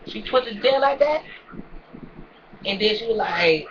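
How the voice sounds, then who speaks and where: A young man tells a story from his own life in a casual, preachy rant, stumbling and restarting as he goes. His voice sits a little high. The recording is dull and lo-fi, with a crowd clearly heard in the background. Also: lively intonation, slow pace. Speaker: vlogger. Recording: dull lo-fi with crowd noise behind.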